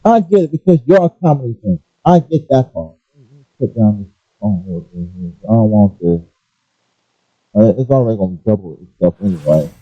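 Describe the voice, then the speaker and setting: A man ranting casually about gaming and pausing often to apologize for his language. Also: on the low side, breathy edge, no room sound, faint music behind. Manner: animated, apologetic asides, restarts. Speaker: gaming commentator. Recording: dull lo-fi, dry.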